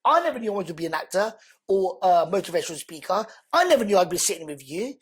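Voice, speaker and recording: A man, a podcast guest, telling his story in a lively, conversational way and acting out the dialogue. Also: high-pitched, fast, slightly rough. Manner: animated, acts out quoted dialogue.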